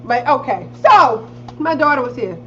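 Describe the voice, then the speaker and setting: A woman's voice: normal speed, faint music behind. A middle-aged woman telling a family story in casual chat, acting out the quotes and swearing freely. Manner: animated, acts out quotes with big pitch jumps. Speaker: podcast co-host. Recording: slightly dull lo-fi audio with faint hiss.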